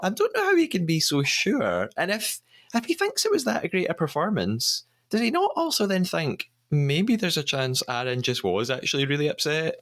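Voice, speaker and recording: A man's voice: fairly high pitch, huge pitch swings, moderate pace, fairly bright tone. Guy hosting a podcast, chatty, retells stuff, trips over words a bit. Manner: chatty, retelling scenes, some stammered restarts. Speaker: podcast host. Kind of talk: casual recap chat.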